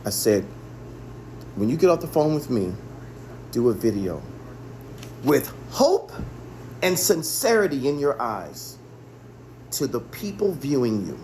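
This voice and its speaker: A man's voice: mid-range voice, sing-song, a little slow, pauses often, darkish tone, a little hiss or hum. A man, a chef, telling the story of a phone call in an earnest monologue, often repeating himself for emphasis. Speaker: chef and restaurant owner.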